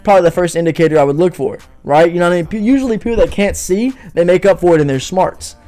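A young man hosts a casual livestream podcast, joking and rambling as he reads and answers his chat, saying "bro" and "you know what I mean" a lot. His voice is high, fast, and warm.

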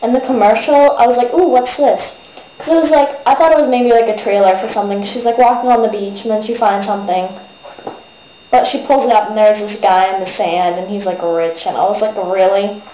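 A woman's voice: medium pitch, quick pace. A teenage girl in her bedroom, ranting in a casual, exasperated vlog and mocking people with put-on voices. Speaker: vlogger. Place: bedroom at a desk. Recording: echoey, dull webcam audio with faint hiss.

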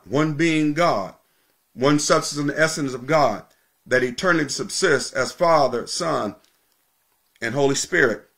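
A male pastor preaching a sermon, teaching with emphatic repetition and slowing down to stress key points. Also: mid-range voice, a bit bright.

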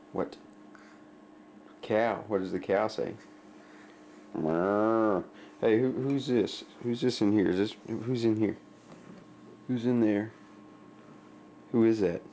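A man at home gently asking his toddler simple questions again and again, in playful talk. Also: lowish voice, slow pace, pauses often, a little hiss or hum. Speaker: father talking to his toddler.

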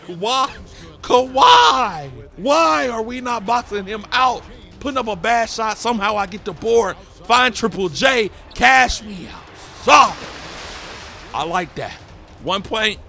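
A man's voice: high voice, vocal fry, sharp tone. A man giving hyped, boastful commentary over his own gameplay, trash-talking and often slipping into a sing-song delivery. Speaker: gaming YouTuber.

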